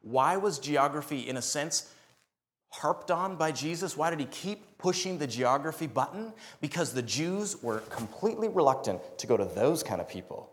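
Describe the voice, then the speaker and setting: A male missionary preaching a sermon, his voice sitting a little higher than most men's. He talks in an animated, joking way and acts out the people in his stories. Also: moderate pace.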